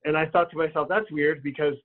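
A man recounts a personal memory in an easy, rambling way, full of fillers. His voice sits a little high. The sound is thin and tinny, as if heard over a phone line. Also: fairly even intonation, fairly quick. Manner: loose and conversational, many fillers. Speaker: storyteller. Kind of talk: personal storytelling.

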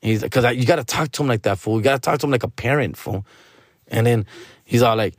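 A man's voice: medium pitch, fast, dry recording, clean studio sound. A man from Los Angeles, a stand-up comedian telling a comedic story, profane and slangy and sprinkling in Spanish words.

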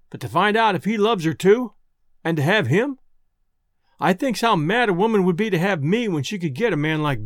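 Lively high-voiced male storyteller. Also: dry recording, studio quality. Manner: folksy first-person telling in rustic dialect. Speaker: narrator. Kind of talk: storybook narration.

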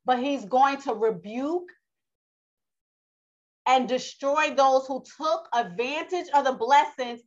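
A woman gives a casual, emphatic sermon, her fairly high voice climbing sharply whenever she speaks for the Most High. She reads scripture and talks straight to the listener, calling them honey and baby. The audio is dull and lo-fi. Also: slow pace, long pauses. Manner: animated, rising high when quoting the Most High. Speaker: preacher.

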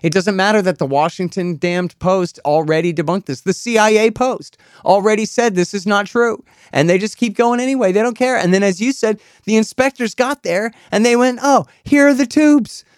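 A man hosts a political interview in a slightly high, smooth, resonant voice. He rants with sarcasm, dropping to quiet asides and then bursting out loud. The sound is dry and close. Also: moderate pace, few pauses, no echo. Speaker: host.

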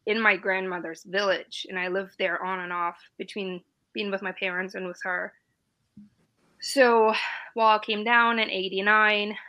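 A woman's voice: mid-range voice, low-quality recording. A woman in her forties, from East Germany and, telling stories in a casual talk as a guest veteran. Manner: storytelling, laughs often, animated. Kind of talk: casual chat on a live stream.

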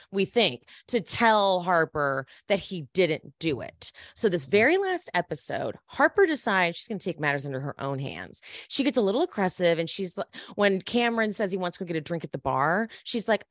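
Animated woman recapping a show, dry sound. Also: mid-range voice, moderate pace, few pauses, dry recording. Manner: animated, acts out quoted characters. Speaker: podcast host. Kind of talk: casual chat, recapping a TV show.

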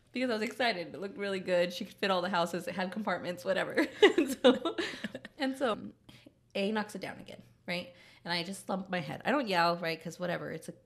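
A young woman co-hosting a podcast tells a family story in casual, animated chat, laughing often. Her voice is mid-range and fairly quick.

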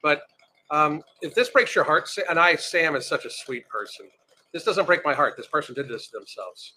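A man's voice: fairly high pitch, expressive, normal speed, pushed and bright, a little hiss or hum. A man hosting reaction commentary, ranting bluntly and swearing often. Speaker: commentary host.

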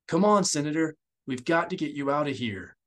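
A man with a medium-pitched voice, speaking at normal speed, lightly acts the part of a loyal male aide in an audiobook. The aide's lines come out urgent, firm and bitter.

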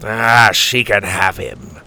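A man voicing a cruel male pirate captain with a gruff, mocking drawl in a storybook. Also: fairly low pitch, fairly even intonation, takes it slowly, pushed and bright, voice pushed down, heavily acted.

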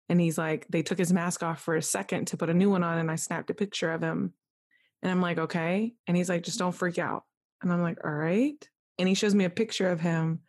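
A young woman with a lowish, darkish voice appears on a podcast and candidly shares a personal story. She acts out the conversations, vividly quoting what other people told her.

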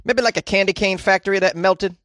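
Man, comedian podcast host, slightly high voice, jokey riffing, small closet, dead dry sound. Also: brisk, a bit bright, dry recording. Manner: jokey, playful, loosely riffing asides. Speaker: comedian hosting a daily news podcast. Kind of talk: comic news riffing.

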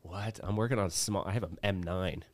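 A man, telling a story as a guest in a casual chat, animated and swearing freely as he acts out the dialogue. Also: deep voice, fast, no room sound. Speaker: podcast guest.

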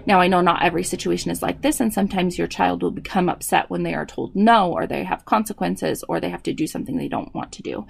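A woman in her thirties giving parenting advice, explaining tips clearly and slipping into quoted dialogue. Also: on the low side, quick pace, few pauses, dry recording. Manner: warm explanatory, acts out quoted dialogue with kids. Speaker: parenting educator. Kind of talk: advice talk.

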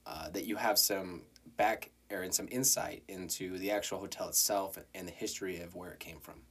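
Young colorado guy hosting a podcast, husky voice kinda low, crude jokey banter. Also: steady tone, normal speed. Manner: crude, joking, loud outbursts. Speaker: podcast host.

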